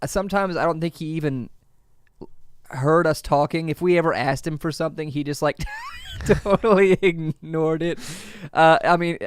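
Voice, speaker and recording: A man's voice: a little high, normal speed, a little hiss or hum. A young man co-hosting a podcast, chatting casually and laughing often as he talks. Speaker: podcast co-host, band member. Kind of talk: casual chat. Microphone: podcast mic.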